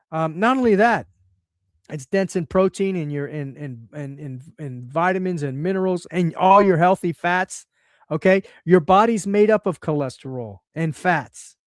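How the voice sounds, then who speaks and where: A blunt man with a fairly high voice gives casual health commentary. He hammers home each point and keeps checking in with "okay?". The recording is dry and close, with no room sound. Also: no echo. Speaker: show host.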